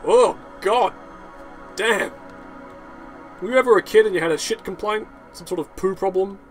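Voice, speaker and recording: A man's voice: sits high, normal speed, faint music behind. Rambling, swearing man narrating gameplay. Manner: rambling, profane, ranting with laughs. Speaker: gaming channel host. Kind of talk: unedited gameplay commentary.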